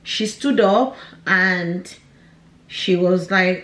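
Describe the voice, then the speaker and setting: A woman's voice: medium pitch, a little slow, echoey room. A young woman, candidly and emotionally telling a personal story to camera, with nervous laughs. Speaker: vlogger.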